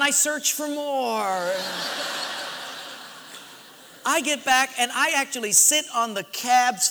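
A man preaching a sermon, telling a lively story and acting out shouts and laughter. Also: very high voice, vocal fry, noisy background. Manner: animated, acts out shouts and laughs. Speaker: pastor. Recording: reverberant hall.

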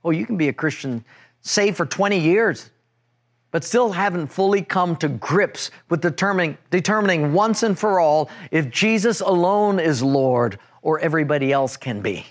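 Animated man preaching a sermon. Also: moderate pace. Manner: animated storytelling, acting out quoted voices with big pitch jumps. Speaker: pastor. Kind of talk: sermon with personal story.

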